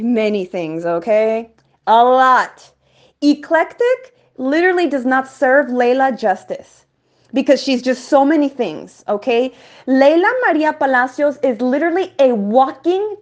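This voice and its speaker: A woman host delivering an energetic, profane, rambling monologue. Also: high voice. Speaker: podcast host.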